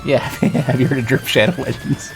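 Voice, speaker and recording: A man's voice: medium pitch, normal speed, over music. A man streaming a video game, chatting casually and rambling with many restarts. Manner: rambling, self-interrupting, lots of restarts. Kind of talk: casual gaming stream chat.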